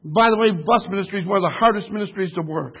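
Impassioned high-voiced preacher man, husky. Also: quick pace, highs cut off. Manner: impassioned preaching, shouting and voice breaking at peaks. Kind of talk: sermon.

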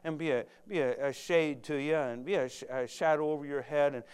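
A man voicing God as a gentle, loving father who speaks hushed and tender words to Jonah, halting as he goes. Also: fairly high pitch, fairly even intonation, clean tone, voice pushed down, close to an everyday voice.

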